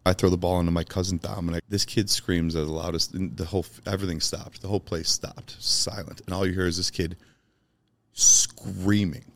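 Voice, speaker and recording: Brief: low-voiced man from Chicago, podcast guest, emphatic and sincere storyteller. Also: little pitch movement, moderate pace. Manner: emphatic, heartfelt, swears casually. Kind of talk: personal storytelling in conversation.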